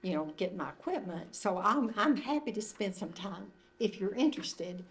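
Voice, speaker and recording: An older woman speaks at a middle pitch, leading a retreat group through an informal teaching talk. Her phrasing is loose, gentle and conversational, in an indoor meeting room. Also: animated, moderate pace. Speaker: retreat leader.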